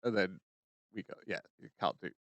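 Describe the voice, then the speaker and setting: A man's voice: sits low, a little fast, gravelly, fairly bright tone, no echo, highs cut off. A man co-hosting a casual podcast, summarizing episodes in a hesitant way with frequent "uh" fillers. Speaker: podcast co-host. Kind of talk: casual chat.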